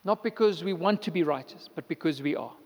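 High-voiced man preaching in a hall. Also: brisk, darkish tone. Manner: preaching with rising emphatic repetition. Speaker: pastor. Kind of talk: sermon.

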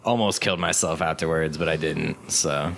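A man's voice: rumbling low, steady tone, moderate pace, gravelly, fairly bright tone, a little hiss or hum. A male comedian telling a self-deprecating story in casual podcast chat. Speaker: stand-up comedian.

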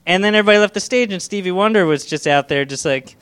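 A man's voice: high-pitched, a little fast, fairly bright tone. A man in casual chat, telling an anecdote with laughs.

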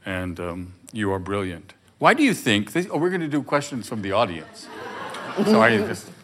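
An older man on stage talking warmly and haltingly about a fellow actor's work, full of restarts. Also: fairly low pitch, sing-song. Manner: effusive, halting, many restarts. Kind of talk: conversational chat. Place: stage before a live audience.

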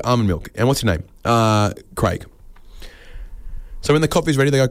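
A man with an Australian accent hosting a community radio show, delivering a joking monologue and bantering, often jumping up into other people's voices. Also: moderate pace. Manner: animated, jokey, voices other people with big pitch jumps. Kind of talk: comic monologue and studio banter.

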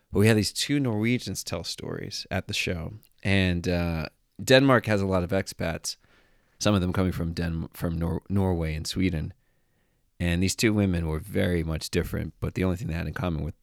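A man's voice: sits low, creaky, no room sound, studio quality. A man talking casually to camera as a travel vlogger, joking and sarcastic, with a rambling, offhand way of talking. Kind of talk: casual monologue.

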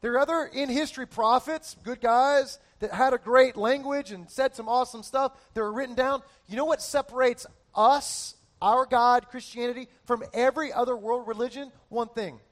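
A man preaching a sermon as pastor, animated and joking, building emphasis through lists. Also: very high-pitched, moderate pace, few pauses. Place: church.

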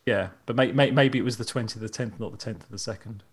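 A man's voice: fairly low pitch, fast talker, a crowd in the background. An English man co-hosting a podcast in casual chat, rambling along with many restarts. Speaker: podcast co-host.

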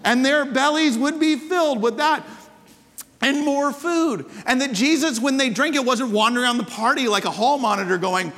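A man's voice: extremely high pitch, normal speed, a bit bright. A man preaching a sermon to a congregation in a conversational way, full of rhetorical questions. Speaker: pastor. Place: church hall with congregation. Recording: long hall reverb.

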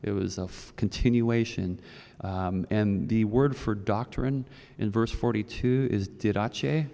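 Low gravelly pastor in a reverberant hall. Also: male voice, steady tone, measured pace, mellow. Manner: storytelling, rambling with many restarts. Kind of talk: conversational sermon. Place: church sanctuary.

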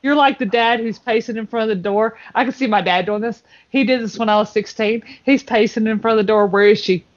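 A fairly high-voiced woman co-hosts a relaxed talk, telling stories with lots of energy and giggles and slipping into quoted voices. The sound is a little dull and muffled. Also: brisk, few pauses. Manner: animated, giggly, acts out quotes. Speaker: co-host. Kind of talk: casual chat.

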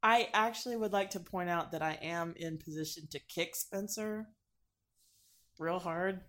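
A woman co-hosting a comedy podcast, teasing the others with quick comebacks. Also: lowish voice, fairly even intonation, a bit bright. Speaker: podcast co-host. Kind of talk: casual comedic chat.

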